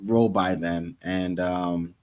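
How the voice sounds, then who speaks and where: Low-voiced man recapping a TV episode. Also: steady tone, slow. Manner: retelling scenes with quoted lines, restarts. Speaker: podcast co-host. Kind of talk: casual TV recap chat.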